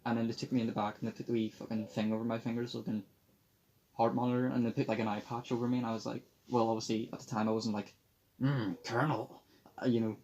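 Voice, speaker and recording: A young man chats casually on a podcast. He tells stories in a dry, offhand way, with plenty of swearing. His pitch sits in a middle range. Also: level tone, very fast, dark tone, lo-fi sound, slight background noise. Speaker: podcast host. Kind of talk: casual chat.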